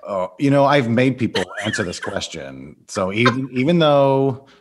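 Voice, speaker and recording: A host interviewing a guest, upbeat and quick to laugh while asking rapid-fire questions. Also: male voice, medium pitch, sing-song.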